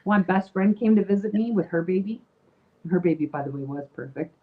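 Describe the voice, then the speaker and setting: A woman's voice: lowish voice, lively intonation, fairly quick. Blunt, profane woman, phone-like sound. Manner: blunt, profane, laughs often. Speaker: podcast co-host. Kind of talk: casual chat.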